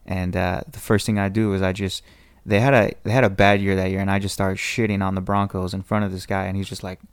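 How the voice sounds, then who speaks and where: A low-pitched, level-toned young man from Southern California talks fast as a podcast guest recounting a long, rambling story. Acting out the voices of those in it and frequently restarting, he comes through in a clean tone with no echo.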